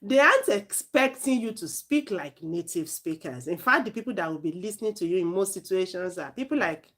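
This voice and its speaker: A little fast and mid-range in pitch, a woman with a Nigerian accent talks through an informal IELTS lesson. She's energetic and conversational, repeatedly catching and correcting herself mid-sentence.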